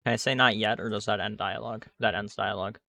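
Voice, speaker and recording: A man's voice: lowish voice, flat delivery, quick pace, gravelly, pushed and bright, no echo, studio quality. A young man casually commenting on the game he is playing, rambling with lots of asides and fillers to his chat. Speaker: gaming streamer.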